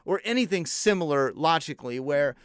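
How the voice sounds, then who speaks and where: A young TV show reviewer rants about an episode, exasperated and incredulous, swearing freely in a casual review. His slightly high, bit bright, smooth voice has lively intonation and a brisk pace, in a dry, studio-quality recording.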